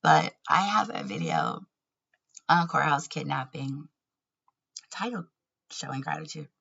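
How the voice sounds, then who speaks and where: A woman's voice: low voice, expressive, a little slow, creaky, sharp tone, husky, muffled recording. A woman talking candidly in a personal vlog, earnest and laughing often between words. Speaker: vlogger.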